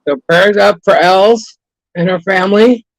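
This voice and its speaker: Chatty man, higher voice, dry sound. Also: unhurried, creaky, no room sound, low-quality recording. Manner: chatty, greets viewers by name, swears casually. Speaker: live stream co-host. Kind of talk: casual live stream chat.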